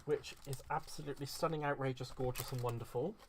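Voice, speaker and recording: A man's voice: mid-range voice, fairly even intonation, fast talker, background noise. Gushing man showing crafts. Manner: gushing, effusive. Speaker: craft vlogger. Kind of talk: casual craft unboxing chat.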